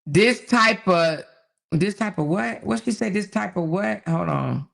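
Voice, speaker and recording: A woman hosting a casual live stream, talking to her viewers in an animated, incredulous way. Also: mid-range voice, moderate pace, creaky, a little hiss or hum. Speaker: host.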